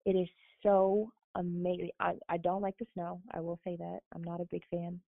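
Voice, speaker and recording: A woman's voice: lowish voice, normal speed, creaky, no room sound. Woman over a tinny phone line. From Florida. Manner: animated, quotes others, laughs often. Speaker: guest. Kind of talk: casual storytelling.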